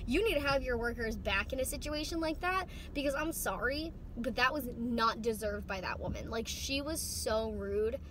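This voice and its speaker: A young woman in her twenties vlogs from inside a car in a high, chatty voice. She rambles and gets heated, filling her sentences with "like". Loud engine and road noise sits under the whole recording. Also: animated, moderate pace, few pauses. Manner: rambling, many "like" fillers, heated. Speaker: vlogger. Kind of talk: casual chat while driving. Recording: noisy car interior.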